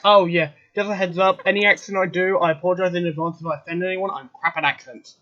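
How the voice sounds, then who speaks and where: A man's voice: high-pitched, fairly even intonation, fast, sharp tone, highs cut off. A man running a tabletop game as game master, with a firm, matter-of-fact manner. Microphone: online voice chat.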